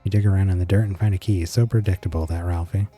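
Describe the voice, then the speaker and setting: A man streaming a game, narrating it with dry, deadpan, wry asides. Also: low-pitched, quick pace, soft background music.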